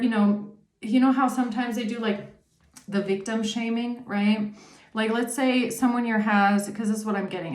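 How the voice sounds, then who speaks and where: A woman's voice: on the high side, reverberant. A woman giving a casual tarot reading, talking emphatically, swearing often and checking in with the listener. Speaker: tarot reader.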